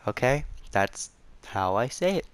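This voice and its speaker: Hosting his small gaming channel, a man with a medium-pitched, sing-song voice talks at an unhurried pace with a clean tone. He rambles casually and defensively, stuttering and repeating himself a lot. Sound is captured via console game capture.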